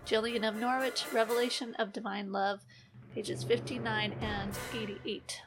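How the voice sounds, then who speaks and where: A woman's voice: on the high side, little pitch movement, a little slow, over music. A woman hosting a scripted commentary, critical and openly sarcastic as she reads and takes apart quoted teachings. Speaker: podcast host, Christian teaching critic.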